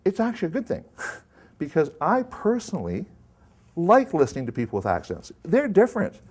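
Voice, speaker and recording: A man's voice: on the high side, huge pitch swings, brisk, darkish tone, slightly rough. A man presenting a live workshop to an audience, talking conversationally and putting questions to the room.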